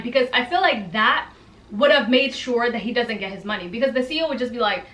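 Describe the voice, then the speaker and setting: A young woman telling a story to camera in casual chat, animated and dramatic, with slangy asides. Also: a little high, fast, echoey room, distant mic. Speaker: storyteller vlogger.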